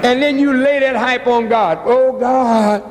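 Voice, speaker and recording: High-voiced preaching man in a hall. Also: steady tone, normal speed, background noise. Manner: preaching, dramatic, acts out quoted voices. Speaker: activist lecturer. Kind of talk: sermon-like public lecture. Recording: long hall reverb.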